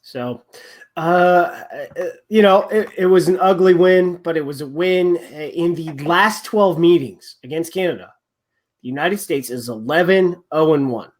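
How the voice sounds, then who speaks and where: A man's voice: a little high, a little slow. Rambling man hosting a sports chat. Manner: rambling, trailing off and restarting. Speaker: podcast host.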